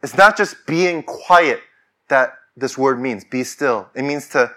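A man's voice: mid-range voice, slow pace, sharp tone. A man preaching a sermon as pastor, talking conversationally and rising to fervent declarations.

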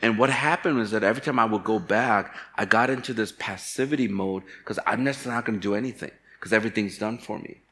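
A man from Chicago delivers a sermon as a pastor, with a voice that sits on the lower side. He talks candidly, weaving personal stories into the message and poking fun at himself. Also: fast, few pauses, a bit bright. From Chicago, USA. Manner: candid, storytelling with self-deprecating humor.

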